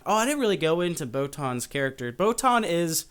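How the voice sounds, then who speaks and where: A man hosting a podcast, casually retelling an episode with animated storytelling and frequent fillers. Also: on the high side, brisk, clear, resonant tone. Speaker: podcast host.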